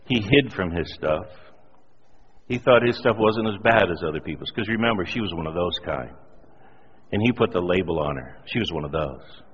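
A middle-aged man preaching a sermon, telling a personal story with animated, self-deprecating humor. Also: deep voice, moderate pace, breathy edge. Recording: dull lo-fi audio in a reverberant hall.

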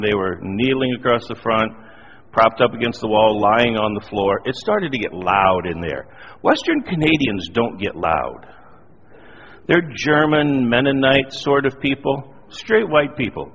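Husky preacher telling a story in a hall. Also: male voice, medium pitch. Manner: animated storyteller, self-deprecating humor. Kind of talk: sermon with personal story. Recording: dull lo-fi audio in a reverberant hall.

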